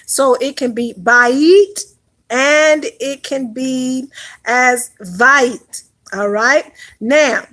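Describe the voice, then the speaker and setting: A woman pastor leads a Hebrew letters class with a high, bright voice. She talks slowly and deliberately, and she ends nearly every phrase with a questioning "all right?". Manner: slow, deliberate instruction. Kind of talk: classroom teaching.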